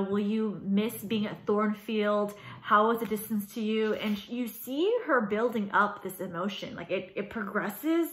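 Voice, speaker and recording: A woman teacher giving a casual, animated video lecture, talking with lots of fillers. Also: medium pitch. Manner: chatty and animated, many fillers. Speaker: high school English teacher. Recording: roomy echo.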